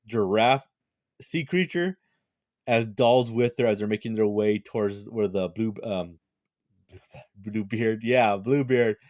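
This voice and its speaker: A tired young man reviewing a manga chapter in a casual, rambling chat, full of fillers and quick restarts. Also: medium pitch, a little mellow, no echo, clean studio sound.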